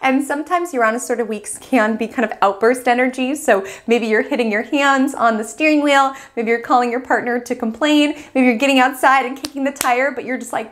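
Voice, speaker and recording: A woman with a voice pitched a little above the usual talks through a weekly astrology forecast. She tells it as a vivid story addressed to the listener, with lively and expressive delivery. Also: fairly quick, few pauses. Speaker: astrology host.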